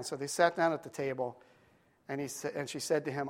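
A man preaching a sermon, telling a story and acting out the characters' lines in a soft, hushed voice. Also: on the high side, quick pace, long reverb tail. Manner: animated storyteller, acting out voices, drops to hushed tones for quotes. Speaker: pastor.

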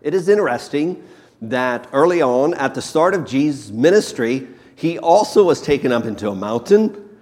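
A man preaching a sermon, slow and emphatic, repeating key words for weight. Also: mid-range voice, expressive, darkish tone. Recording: long hall reverb.

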